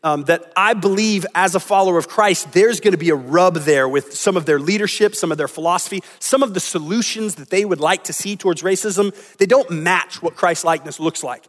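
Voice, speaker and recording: Male pastor, fairly high voice, conversational sermon, long hall reverb. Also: brisk, hardly any pauses. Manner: conversational, acts out quoted lines.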